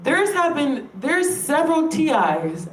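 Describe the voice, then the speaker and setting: Woman venting at her followers, kinda high voice, swears a lot, sounds far from the mic in an echoey room. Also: sing-song, slow. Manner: frustrated, emphatic, swears freely. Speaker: vlogger. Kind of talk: direct-to-camera rant. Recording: roomy sound, distant from the mic.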